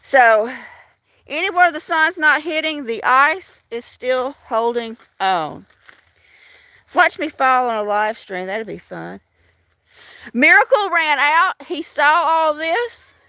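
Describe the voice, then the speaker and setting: Outdoors in her storm-damaged yard, a Washington state woman live-streams casually, calling out viewers by name and laughing a lot. Her voice is high, expressive, slow, pushed and bright, with no room sound.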